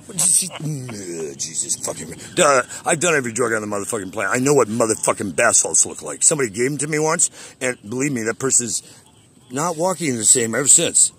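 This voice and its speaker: A man's voice: mid-range voice, sing-song, a little fast, fairly bright tone, breathy edge. A man in an agitated, profane, boastful rant on a call, swearing constantly and making threats.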